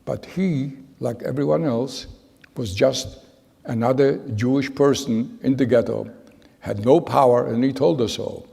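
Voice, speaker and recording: Gravelly man in his nineties, echoing hall. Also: mid-range voice, warm tone. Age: 90s. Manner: halting, earnest storytelling with repeated phrases. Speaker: Holocaust survivor giving testimony. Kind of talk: spoken testimony to an audience. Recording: long reverb of a large hall.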